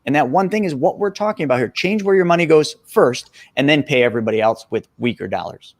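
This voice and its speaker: A man's voice: fairly high pitch, animated, quick pace, no room sound. A man in his forties, a guest expert on a podcast interview, talking with energy and emphasis and calling the listeners folks. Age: 40s.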